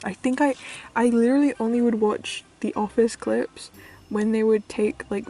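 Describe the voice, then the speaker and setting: A young woman from the UK chatting casually as a vlogger, giggly and self-mocking, often trailing off into mutters. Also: a little high. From United Kingdom. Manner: squeals with excitement at finds. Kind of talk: casual chat. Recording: faint music behind.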